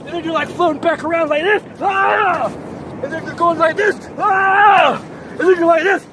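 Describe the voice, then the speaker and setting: A man doing a comedic surfer monologue, rambling in surfer-bro slang and acting out his story with loud sound effects and yells. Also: extremely high pitch, steady tone, fast talker, noisy background. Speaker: comedic host. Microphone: phone.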